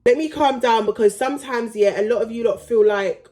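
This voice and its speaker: A woman's voice: on the high side, brisk, warm tone. Indignant, blunt woman vlogging. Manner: blunt, indignant, passionate, swears freely. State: pregnant. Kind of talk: heated direct-to-camera vlog.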